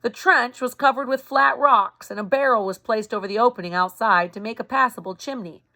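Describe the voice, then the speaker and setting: Reading a novel to a youth group, this woman breaks off now and then for casual asides, explaining things and going back over her slips. She speaks a little fast in a fairly high, pushed, bright voice.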